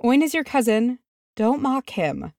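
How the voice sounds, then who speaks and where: A woman's voice: on the high side, very animated, measured pace, mellow, dry recording, studio quality, voice pushed up. A woman reading aloud and voicing a stern, dignified dwarf mother who scolds firmly. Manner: stern, reproving.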